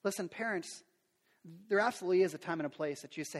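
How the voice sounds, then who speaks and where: A middle-aged man preaching a sermon as a pastor, animated, acting out quotes and sound effects. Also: high voice, fast talker. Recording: long reverb of a large hall.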